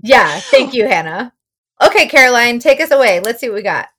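A woman's voice: a little high, big pitch swings, a bit bright. A woman from Florida with a Southern accent, co-hosting a podcast in bubbly casual chat and laughing often. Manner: bubbly, laughs often, drawn-out filler words. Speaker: podcast co-host.

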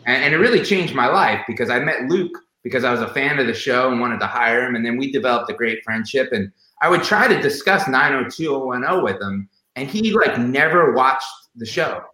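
A man reminisces about a late friend as a podcast guest, casual and emotional to the point of tears, full of fillers and restarts. His mid-range, bright and forceful voice has lively intonation and moves fairly quickly with hardly any pauses, captured in a roomy, low-quality recording.

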